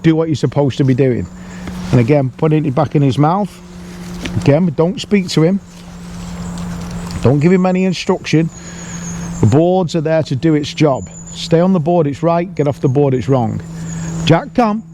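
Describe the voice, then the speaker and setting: A man, a dog trainer, explaining a training exercise outdoors in a calm, explanatory way, with sharp calls to the dog. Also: a little high, moderate pace, long pauses, background noise. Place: outdoors in a field.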